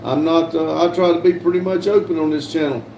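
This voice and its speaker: A man's voice: on the high side, steady tone, brisk, gravelly, darkish tone. Older man reading chat aloud. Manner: reads chat aloud with frequent fillers and restarts. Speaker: livestream host reading viewer chat. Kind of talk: casual live-stream chat. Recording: echoey room, voice from a distance, faint hum.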